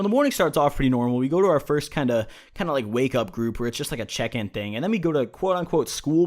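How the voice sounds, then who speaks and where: A young man recounting his own story on his vlog in a casual, joking manner, swearing freely. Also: fairly high pitch. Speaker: YouTuber.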